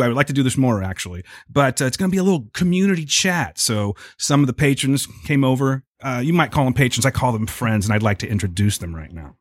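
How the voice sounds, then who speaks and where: Animated, jokey male podcast host. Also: medium pitch, dry recording. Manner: animated, jokey, playful radio-voice bits. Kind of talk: casual podcast chat.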